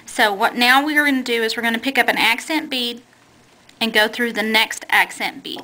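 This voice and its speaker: A woman with a fairly high, bright, forceful voice teaches a beading technique one step at a time, speaking at a moderate pace. She explains things plainly and patiently, correcting herself as her hands work. The audio is poor, with a little hiss or hum.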